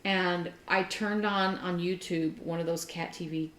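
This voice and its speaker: Woman telling a lively story in a roomy space. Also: on the low side, a little slow. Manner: animated storyteller, laughing often. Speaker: podcast co-host. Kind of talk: casual chat. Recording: roomy echo.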